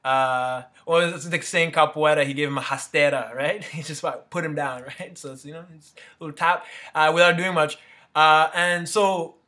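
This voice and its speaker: A man's voice: fairly high pitch, fairly even intonation, normal speed, sharp tone. A man giving a casual motivational talk, rambling and peppering his sentences with "you know" and "right?". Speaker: motivational speaker.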